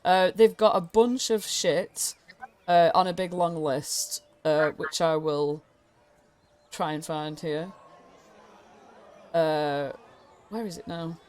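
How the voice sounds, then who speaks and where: A woman's voice: low-pitched, takes it slowly, pauses often, a little mellow. Woman running a tabletop game. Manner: casual, swearing, rambling. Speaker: game master.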